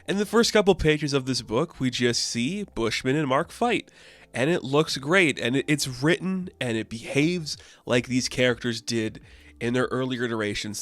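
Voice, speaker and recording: A man's voice: mid-range voice, a bit bright, dry recording. A man reviewing a comic book in casual chat, enthusiastic and filling his talk with "like". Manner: enthusiastic, heavy use of "like".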